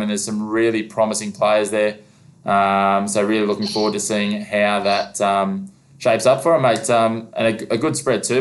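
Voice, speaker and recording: An Australian man hosting a local sports show, talking casually and calling his co-host "mate" often. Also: on the low side. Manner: laid-back, says "mate" often.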